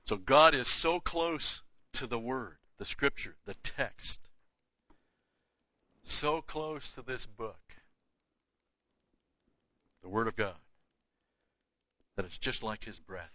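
Older guy teaching the bible, really sharp edgy tone, emphatic, muffled lo-fi sound. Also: medium pitch, animated, takes it slowly, pauses often, no room sound. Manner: emphatic, repeats key words, conversational asides. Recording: dull lo-fi dry recording.

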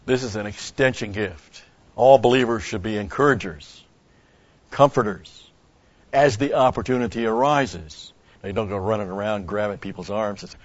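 A pastor teaching an expository Bible sermon, speaking deliberately and stopping to explain Greek word meanings. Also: male voice, fairly low pitch, dry recording, highs cut off.

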